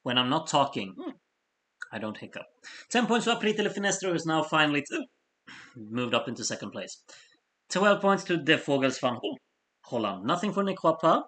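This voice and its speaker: A man's voice: a little high, big pitch swings, normal speed, long pauses, bright, forceful tone. Hiccuping man reading out vote scores. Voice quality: throat-clearing and sighing. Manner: chatty, apologetic asides between score readouts. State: has the hiccups. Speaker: host reading out fan votes. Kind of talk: casual live-stream commentary.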